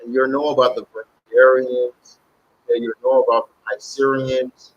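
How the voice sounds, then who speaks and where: A man's voice: mid-range voice, little pitch movement, normal speed, highs cut off. A man who calls himself a shaman, talking casually to camera. He rambles, repeats himself, and keeps checking in with "okay?". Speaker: self-styled shaman and spiritual reader. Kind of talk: casual direct-to-camera pitch.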